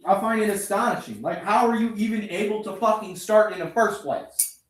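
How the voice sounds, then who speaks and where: A high-pitched man talks at normal speed in a reverberant room. He's a vlogger ranting to the camera while wrenching on a motorbike, angrily and sarcastically swearing at the engine that won't start, constantly profane and a little breathless.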